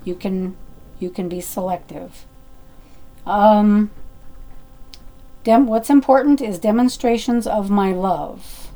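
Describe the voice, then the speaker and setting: A woman sharing personal spiritual revelations, reading her prayer journal aloud in an unhurried, halting way, with fillers and self-corrections. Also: mid-range voice, mellow.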